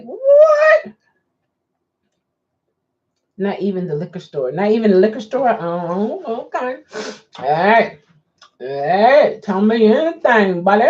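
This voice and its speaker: A woman chatting casually on a live stream as a rideshare driver, answering viewer comments and laughing often. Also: a little high. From Baltimore. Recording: dull lo-fi sound.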